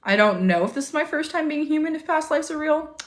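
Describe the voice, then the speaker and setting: A woman's voice: sits high, expressive, brisk. A young woman hosting a casual livestream from a motel room, chatting in a bubbly way and answering viewer comments, recorded on a phone on a tripod. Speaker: livestream host.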